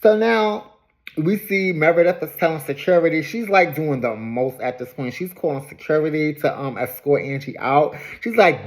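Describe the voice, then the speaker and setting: A woman casually recapping a reality show episode in an animated, gossipy storytelling manner. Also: low voice, moderate pace.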